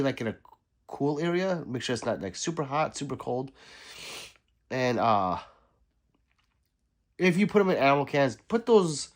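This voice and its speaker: Chatty man reading livestream chat, lively pitch. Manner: reads viewer comments aloud, laughs, sarcastic asides. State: sick.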